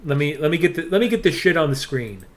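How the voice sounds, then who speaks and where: Young male co-caster, playful and profane, slightly high pitch, casual live banter. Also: sing-song, fast talker. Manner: loud, swearing, playful. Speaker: stream co-caster.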